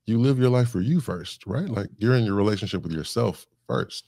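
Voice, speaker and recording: A man's voice: fairly low pitch, lively intonation, a little fast, mellow, no room sound, studio quality. A man talking as a guest on a podcast, reflective and thoughtful, working through ideas with lists and examples. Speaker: guest, communication specialist.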